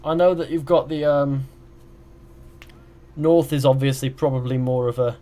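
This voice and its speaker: A young gaming streamer talks casually on a live stream, voicing viewers' questions before rambling into responses. His mid-range voice is warm and level, at a normal speed.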